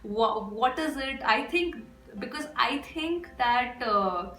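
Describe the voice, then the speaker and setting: A woman's voice: on the high side, animated, takes it slowly, bright, forceful tone. Gushing woman in an echoey room. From India. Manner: gushing, effusive. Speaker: reaction video host. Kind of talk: casual reaction vlog. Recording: echoey room with faint music.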